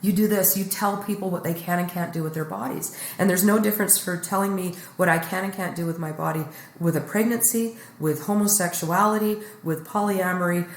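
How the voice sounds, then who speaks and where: A woman's voice: on the low side, a little fast, hardly any pauses, slight background noise. Blunt, joking woman in an echoey room. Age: middle-aged. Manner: blunt, joking, animated retelling. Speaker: guest comedian. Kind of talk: candid storytelling chat.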